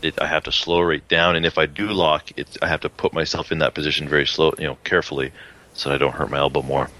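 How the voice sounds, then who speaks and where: A man co-hosting a casual podcast, talking in a halting, agreeable way with frequent restarts. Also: extremely low pitch, level tone, bright, forceful tone. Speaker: podcast co-host, shooting club president.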